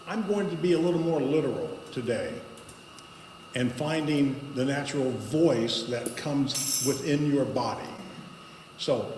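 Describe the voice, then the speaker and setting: In a roomy spiritual center hall, a man leading a voice exercise speaks to the congregation unhurriedly, pausing between each instruction. His voice is mid-range tilting high, ringing out with lengthy reverb above a constant hum of background noise.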